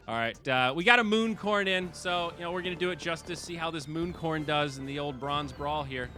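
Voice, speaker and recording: A man hosting a game stream, chatting casually and excitably, swearing and laughing at his losses. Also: fairly high pitch, brisk, few pauses, soft background music. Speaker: stream host and commentator.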